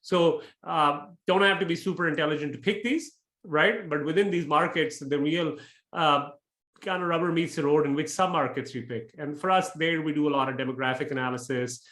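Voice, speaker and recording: Man, candid guest, straight-talking, slightly high voice, echoey room. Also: a bit bright. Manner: blunt, frank, rapid bursts of speech. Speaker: interview guest, real estate investor. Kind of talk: candid interview answers.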